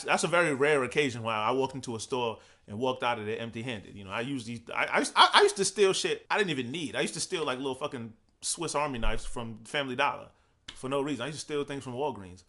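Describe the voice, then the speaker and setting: A man's voice: medium pitch, quick pace, pushed and bright. A young man from Providence telling a story in a laid-back, profane way, laughing as he talks. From Providence, Rhode Island. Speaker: podcast host. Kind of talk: casual storytelling.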